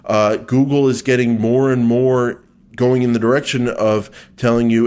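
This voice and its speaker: A man's voice: medium pitch, normal speed, clean tone. Joking man co-hosting an ads podcast. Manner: joking, then steady explaining with fillers. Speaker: podcast co-host, search ads expert. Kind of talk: casual podcast chat and explanation.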